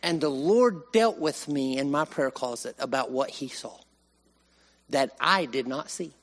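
A man preaching a sermon, swinging from raised emphasis to hushed, slow lines. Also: medium pitch. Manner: animated, with sudden rises and hushed drops.

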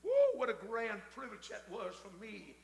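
A man preaching a sermon, punctuating with amens and rising to shouted peaks. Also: high voice, moderate pace, creaky, in a large hall. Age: 50s. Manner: builds to shouted climaxes, chanting amen.

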